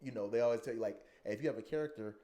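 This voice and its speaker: Man, podcast host, casual chat, excitable, acts out reactions. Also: mid-range voice, racing.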